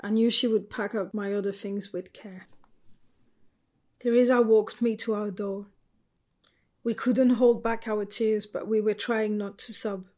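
A woman narrating a novel in the first person, quiet, measured and sorrowful. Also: mid-range voice, fairly even intonation. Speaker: audiobook narrator.

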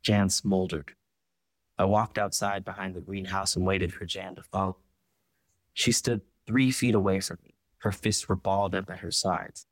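A man reading a first-person audiobook in a slow, measured, quietly emotional way. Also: sits low, fairly even intonation, dry recording. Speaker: audiobook narrator.

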